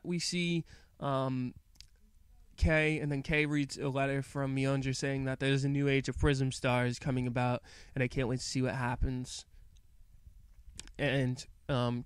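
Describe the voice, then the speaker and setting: Guy rambling thru an anime recap, lots of ums, mid pitch, dead dry room. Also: measured pace, smooth, dry recording. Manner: rambling, hesitant, many fillers. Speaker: anime reviewer. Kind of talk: casual episode recap.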